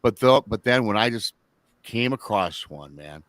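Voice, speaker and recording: A man hosting a talk radio show in casual chat, speaking haltingly with restarts. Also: lowish voice, animated, a bit bright, no room sound.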